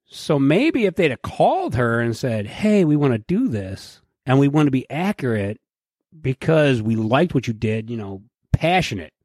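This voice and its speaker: A man's voice: medium pitch, normal speed, no echo, studio quality. A man hosting a podcast, talking in casual, profane banter and acting out quoted lines. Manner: animated, profane, acts out quotes. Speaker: podcast host.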